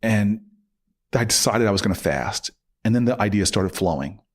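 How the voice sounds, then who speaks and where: A man telling a story as a podcast guest, acting out quoted dialogue with sudden jumps up in pitch, and often restarting and repeating words. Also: expressive, moderate pace, slightly rough. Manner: frequent restarts and stammered repeats. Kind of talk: animated storytelling in a podcast interview.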